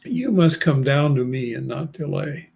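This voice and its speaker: Slow, gravelly older man reading scripture. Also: a little high, big pitch swings, a little mellow. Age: 70s. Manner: slow, deliberate reading with brief asides. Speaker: Bible reader and commentator.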